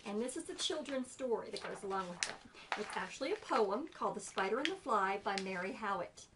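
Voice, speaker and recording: A woman's voice: mid-range voice, lively intonation, fairly quick, far from the mic, very noisy. A woman hosting a casual show-and-tell, bubbly and enthusiastic, then reading a story aloud. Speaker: host.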